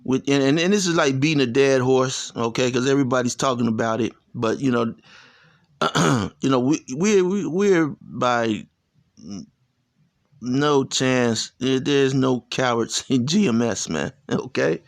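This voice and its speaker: A man's voice: mid-range voice, unhurried. A man telling a long, rambling, profane story in casual talk, full of fillers and "you know," laughing as he goes. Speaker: channel host.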